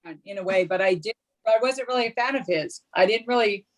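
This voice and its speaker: A woman's voice: medium pitch, brisk. A middle-aged woman joining a casual show over a video call. She tells stories in a chatty, easygoing way and laughs often. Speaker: guest. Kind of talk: casual chat.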